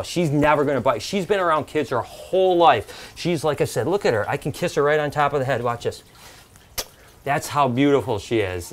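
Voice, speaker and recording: A man hosting a reptile show, casually showing snakes to a guest and coaxing him to touch them. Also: on the high side.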